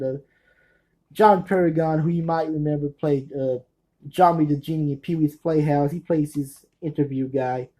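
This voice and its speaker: A man's voice: fairly high pitch, dark tone, low-quality recording. A man casually reviewing his movie collection to camera, rambling, losing track of names and starting over.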